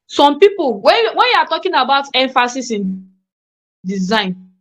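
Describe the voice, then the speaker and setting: A woman's voice: high-pitched, very animated, normal speed. A woman teaching a live online graphic design class, emphatic and repetitive, often checking that students follow.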